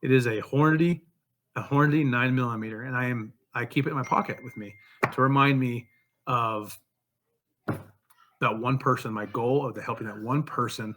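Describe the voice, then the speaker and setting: A man's voice: medium pitch, noisy background. A man being interviewed as an author and songwriter, telling a personal story in an earnest, heartfelt way.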